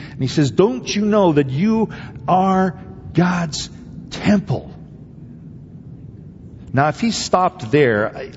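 A man preaches as pastor, emphatic and conversational, firing many rhetorical questions at the congregation. His voice is mid-range with slight background noise, and the audio is dull with long hall reverb.

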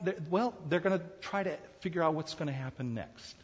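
A man's voice: on the high side, expressive, fairly quick, few pauses, slightly rough. A man preaching a sermon as pastor, emphatic and full of rhetorical questions. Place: large hall. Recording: dull sound in a reverberant hall.

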